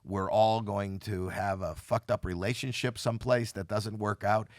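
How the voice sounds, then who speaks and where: Speaking with fairly even intonation at a moderate pace, a man in his sixties with a lowish voice retells a painful experience on a podcast. His candid, dramatic telling includes acted-out voices, captured in a dry, studio-quality recording.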